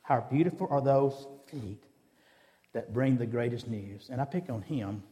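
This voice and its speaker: A man's voice: mid-range voice, animated, a little slow, warm tone, big-room sound. A man giving a sermon in a conversational, storytelling way, acting out the dialogue of his anecdotes. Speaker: preacher. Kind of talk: sermon with personal stories. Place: church.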